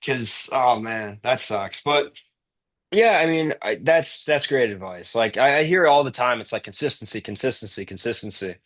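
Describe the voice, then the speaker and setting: A young man hosts a casual podcast chat, telling stories with animated energy and casual swearing. His voice sits at an ordinary male pitch. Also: moderate pace. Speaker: podcast host.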